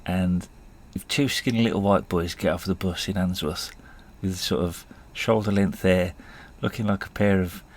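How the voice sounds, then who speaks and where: A man's voice: low-pitched, fairly even intonation, moderate pace, hardly any pauses. A man, telling stories in a rambling, self-deprecating way and chuckling often. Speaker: podcast host. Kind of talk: casual storytelling monologue.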